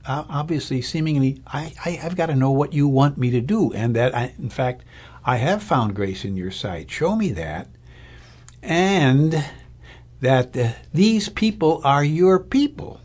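A man's voice: on the high side, expressive, a little slow, darkish tone, husky. A man preaching a sermon as a pastor, in a conversational, thoughtful way with fillers and restarts. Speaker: Lutheran pastor or Bible teacher.

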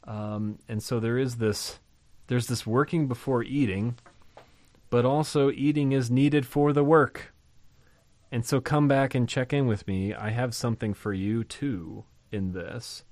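Enthusiastic low-voiced man teaching scripture. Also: moderate pace, a little mellow, no room sound. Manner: enthusiastic, asks rhetorical questions, reads verses aloud. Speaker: pastor. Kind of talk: conversational Bible teaching.

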